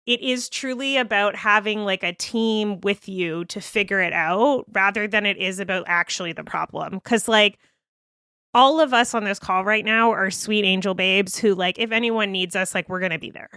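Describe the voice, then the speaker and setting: Podcast guest, woman, animated storyteller, sweary, dry close sound. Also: mid-range voice, clear, resonant tone, dry recording. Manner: animated, swears freely, quick asides. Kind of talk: casual storytelling chat.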